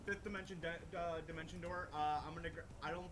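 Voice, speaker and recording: A man with a slightly high voice is playing a tabletop game, thinking out loud as he goes. He rambles and swears casually. A faint hiss sits under the recording. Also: fairly even intonation, fast talker. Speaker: player.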